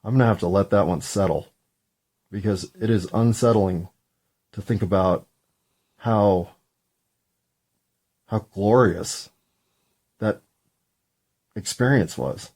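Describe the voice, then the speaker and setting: Husky, low-voiced man in his 50s, solo podcaster, rambling and self-mocking. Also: takes it slowly, pauses often, a little mellow. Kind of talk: casual reflective monologue.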